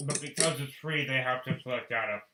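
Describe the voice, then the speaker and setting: A man's voice: mid-range voice, fairly quick, bright, forceful tone, distant mic, a little hiss or hum. A teenage boy co-hosting a student podcast, making short teasing remarks. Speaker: co-host. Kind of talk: casual chat. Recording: echoey room, off-mic.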